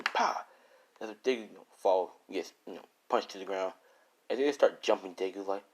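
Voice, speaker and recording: A man's voice: on the low side, moderate pace, darkish tone, breathy edge. A man casually improvising a fan story, rambling and crude, with many fillers and restarts.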